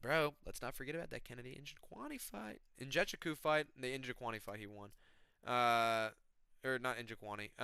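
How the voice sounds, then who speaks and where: A man ranting casually with excitement and heavy profanity, giving his fight predictions as the host of a mixed martial arts channel. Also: fairly high pitch, clean tone, dry recording. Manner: excitable, profane, slangy fan talk.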